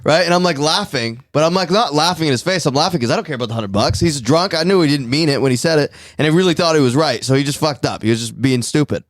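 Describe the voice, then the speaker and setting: A man's voice: on the high side, fast talker, hardly any pauses, no echo, clean studio sound. Profane storytelling podcast host man. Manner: rambling, profane storytelling with frequent laughs. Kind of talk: casual podcast chat.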